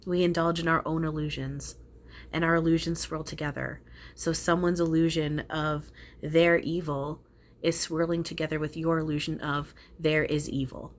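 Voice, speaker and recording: Low-voiced woman rambling earnestly. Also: little pitch movement, normal speed, a little hiss or hum. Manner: rambling, earnest, casually profane. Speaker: spiritual channeler. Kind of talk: casual spiritual talk to viewers.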